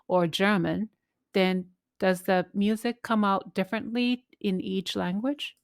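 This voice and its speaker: A woman of middle pitch hosts a relaxed interview, speaking conversationally and padding her sentences with "you know". Her voice sounds dry and close, with little room around it. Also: unhurried, gravelly, no echo. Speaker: podcast host. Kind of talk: casual interview chat.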